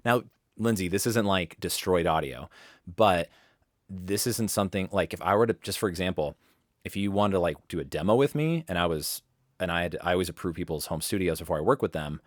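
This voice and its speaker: Deep-voiced casual male voice coach. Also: a little fast, dry recording, studio quality. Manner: casual, rambling, restarts sentences. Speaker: voice-over coach. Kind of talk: live webinar teaching. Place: home studio.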